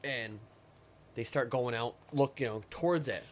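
A man's voice: mid-range voice, measured pace, slight background noise. A man telling a long story in a rambling, profane way during a casual podcast chat. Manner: rambling, profane, retells stories in quoted voices. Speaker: podcast guest.

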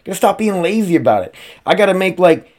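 A man's voice: high voice, very animated, fast, darkish tone. A man hosting his own podcast, ranting casually with lots of swearing, rambling asides and rhetorical questions. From United States. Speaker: podcast host and streamer. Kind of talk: casual solo podcast rant.

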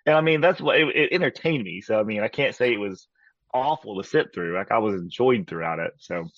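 A man's voice: lowish voice, lively intonation, a little fast, fairly bright tone, no room sound, muffled recording. A man co-hosting a casual film-review chat, rambling through scene recaps with lots of fillers and restarts. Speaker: podcast co-host.

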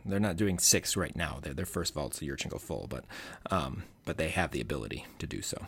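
A man's voice: very deep voice, lively intonation, brisk, gravelly, fairly bright tone, breathy edge. A man co-hosting a podcast, chatting casually and rambling about college gymnastics. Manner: rambling, lots of fillers and restarts. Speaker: podcast co-host.

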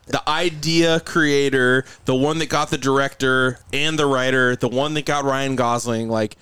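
A man co-hosting a casual podcast chat, excited and rambling, swearing often, with many fillers. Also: mid-range voice, a little slow, smooth, dry recording. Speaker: podcast co-host. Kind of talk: casual chat over beers.

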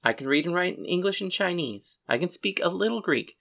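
A woman voicing a tough, loyal young woman known as the whiskey girl, speaking low and earnest with dry humor. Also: expressive, brisk, a bit bright. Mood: steady.

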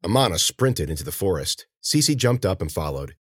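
A man voicing a brave young man yelling in danger. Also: low voice, big pitch swings, moderate pace, husky, dry recording, studio quality, heavily acted. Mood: urgent.

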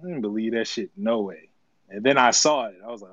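A man co-hosting a casual live audio chat, animated and laughing often as he trades playful jabs. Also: fairly low pitch, brisk, no echo, dull audio. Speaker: podcast co-host.

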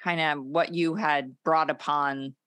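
A podcast host gently prompting and affirming a guest in conversation. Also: medium pitch, steady tone, unhurried, clean tone, no echo. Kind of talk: conversational interview.

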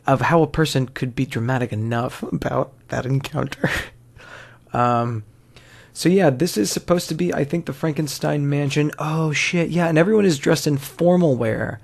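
Gravelly man rambling through movie commentary. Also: medium pitch. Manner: rambling, self-correcting, swears casually. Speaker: film commentator. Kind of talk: casual watch-along movie commentary.

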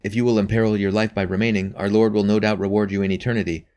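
A nervous little French priest, voiced by a male narrator speaks with a French accent. He sounds fretful and pleading, in a deep voice, as in a spoken storybook. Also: little pitch movement, fast talker, darkish tone, natural voice. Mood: fearful. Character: timid agitated little French priest, man.

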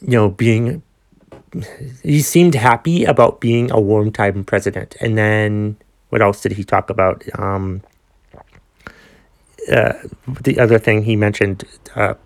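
A man's voice: fairly low pitch, a little slow, pauses often. A man hosting his own podcast, ranting in a profane, exasperated way and rambling with frequent restarts. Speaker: podcast host. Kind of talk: solo podcast rant.

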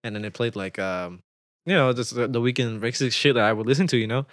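A young man telling stories in a relaxed chat among friends, his voice at an ordinary middle pitch. He rambles, restarts, laughs a lot and swears easily. The sound is dry and close, with no room around it. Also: a little fast, dry recording. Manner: rambling storyteller, laughs often, swears casually. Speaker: friend in a casual group chat. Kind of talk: casual chat.

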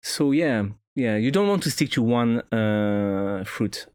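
A man's voice: medium pitch, animated, slow pace, darkish tone, smooth, no echo, clean studio sound. A man with a French accent chatting as a podcast guest, hesitant, with many fillers and restarts. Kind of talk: casual chat.

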